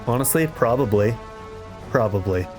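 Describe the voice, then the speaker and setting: A man chats his way through a retro-style role-playing game, his pitch bouncing around as he reacts. He shifts between relaxed commentary and loud mock outrage at the villain. Quiet game music plays beneath his voice. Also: normal speed. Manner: reads in-game dialogue aloud and reacts. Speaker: let's play host. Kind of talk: casual gameplay commentary.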